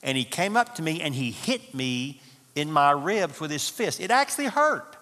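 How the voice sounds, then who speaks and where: Speaking at a moderate pace, a man with a slightly high, very animated, pushed and bright voice gives a funny sermon talk at a marriage conference. His folksy storytelling leans on Southern phrasing, echoing with hall reverb in a church conference hall.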